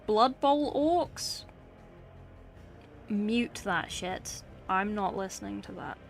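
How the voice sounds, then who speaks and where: Casting: young woman from England, unhurried wry livestream banter, faint background music. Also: medium pitch, expressive, creaky. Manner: chatty, wry, talks to chat while working. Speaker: streamer painting miniatures. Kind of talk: casual livestream chat.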